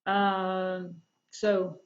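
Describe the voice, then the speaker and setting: A woman's voice: mid-range voice, level tone, drawn-out words, a little hiss or hum. Chatty woman, muffled stream. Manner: chatty, giggly, reads viewer names. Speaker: homestead channel co-host. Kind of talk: casual livestream chat.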